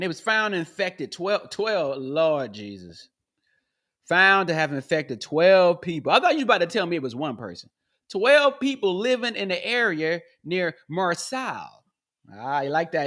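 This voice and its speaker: A man hosting a podcast in a loose comedic monologue. He jumps from high yelps to low mutters and throws in goofy sound effects. His voice is bright and forceful, and his pitch swings widely. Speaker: podcast host.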